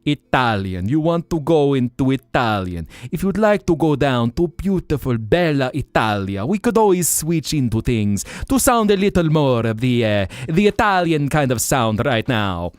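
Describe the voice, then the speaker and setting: A man's voice: medium pitch, sing-song, normal speed, few pauses, smooth, no room sound, clean studio sound. A man hosting a livestream in casual chat, playful and jumping between joke accents. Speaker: livestream host.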